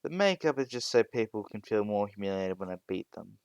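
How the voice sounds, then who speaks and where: A man voicing a smug, mocking teenage boy magician in a spoken fan-fiction story, with a calm, taunting delivery. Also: on the low side, a little fast, clean tone, dry recording.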